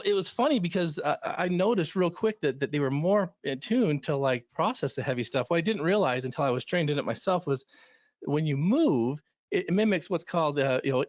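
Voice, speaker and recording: A man's voice: medium pitch, dry recording. A middle-aged man who coaches runners in recovery, telling stories in a panel discussion in an earnest, rambling way full of restarts. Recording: slightly dull lo-fi audio.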